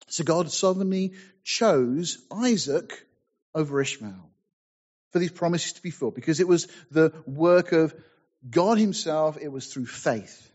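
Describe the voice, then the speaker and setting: A man's voice: on the high side, animated, normal speed, a little mellow, highs cut off. A man preaching a sermon, reading scripture aloud in King James wording and explaining it with emphatic asides.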